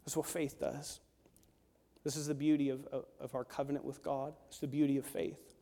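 A man preaching a sermon, swinging from hushed, intimate lines to loud, urgent ones. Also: medium pitch, little pitch movement, moderate pace, gravelly, big-room sound. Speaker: pastor. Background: worship team instruments.

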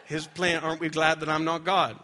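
Man preaching a sermon, high voice, very bright, animated storyteller. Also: fairly quick. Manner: animated storytelling, swings high when excited. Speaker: pastor.

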